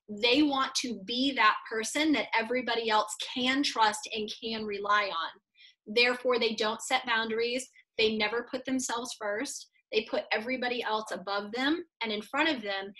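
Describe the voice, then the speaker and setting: A woman coach speaks as a podcast guest, her voice bright and somewhat high for a woman. She explains in a confident, teaching way, building each point step by step. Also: poor audio. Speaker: guest coach for real estate agents. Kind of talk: podcast interview.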